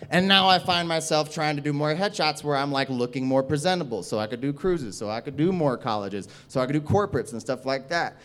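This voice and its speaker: Animated, profane comedian telling a story. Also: male voice, fairly high pitch, quick pace, hardly any pauses. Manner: profane, animated, acts out other people's voices. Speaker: stand-up comedian.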